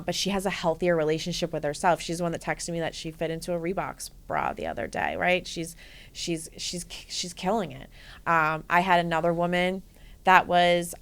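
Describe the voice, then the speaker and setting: Brief: lower-pitched woman guest, fitness coach, lively and profane, chatty storytelling. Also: smooth. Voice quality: profane, energetic, frequent "right?" and "like". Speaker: guest, bodybuilding and life coach. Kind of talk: casual storytelling interview.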